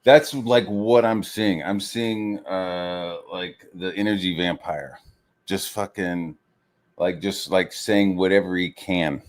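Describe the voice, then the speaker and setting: A man's voice: low-pitched, fairly even intonation, slow. A man ranting heatedly as a streamer, swearing constantly, with lots of fillers, mocking other people in raised voices. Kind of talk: profane rant.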